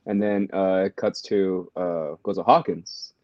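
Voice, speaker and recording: A man in a casual podcast chat, speaking in a laid-back, halting way. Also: deep voice, steady tone, dry recording. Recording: dull dry sound.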